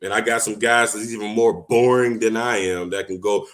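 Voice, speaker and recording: A man with a deep, low voice hosts a casual livestream from his home computer. He talks loosely and informally, drops in slang and laughs often as he goes. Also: steady tone, moderate pace, hardly any pauses. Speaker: online livestream host.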